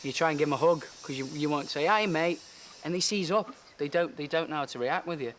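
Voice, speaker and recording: A man's voice: a little high, fairly quick, fairly bright tone, slight background noise. A young man chatting backstage, earnest and talkative, acting out quotes as he tells stories about his best friend. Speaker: best friend and tour companion. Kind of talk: casual backstage chat. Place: backstage room.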